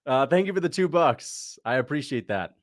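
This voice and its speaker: A man's voice: mid-range voice, lively intonation, dry recording, clean studio sound. A young man with an ordinary mid-range voice chats loosely through a livestream. He reacts on the fly, laughs easily and stops to thank viewers between remarks. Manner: loose, chatty, quick to laugh, reads out donations. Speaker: livestream host reacting to fights. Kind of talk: casual livestream commentary.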